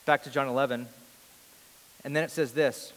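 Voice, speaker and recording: A man in his thirties preaching a sermon before a large congregation, earnest, moving between loud emphasis and soft, hushed lines. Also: mid-range voice, fairly even intonation, moderate pace. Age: 30s. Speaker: pastor. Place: large church hall before a big congregation. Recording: long reverb of a large hall.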